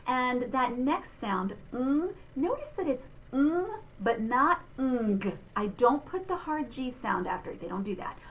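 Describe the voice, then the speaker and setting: A middle-aged woman, a vocal instructor giving a clear, patient pronunciation lesson with spoken demonstrations. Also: high-pitched, sing-song, moderate pace, rough recording. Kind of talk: diction lesson.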